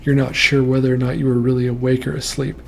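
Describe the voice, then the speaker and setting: A man hosting a show, reading nightmare posts aloud and calmly explaining what they might mean. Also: mid-range voice, vocal fry, slight background noise. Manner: calm, measured, reassuring explanations. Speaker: host reading and interpreting nightmares. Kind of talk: casual commentary on listener dream posts.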